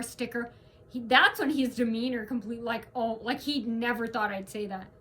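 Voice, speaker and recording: A woman's voice: fairly high pitch, moderate pace, sharp tone. A woman venting in a casual, rambling vlog rant, restarting her sentences and stressing her points. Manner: rambling, restarts often, emphatic. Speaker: vlogger.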